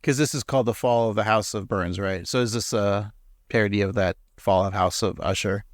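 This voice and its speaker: A man hosting a podcast, recapping an episode and teasing his co-host in a lively way. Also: fairly low pitch, brisk, dry recording, studio quality. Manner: teasing, animated.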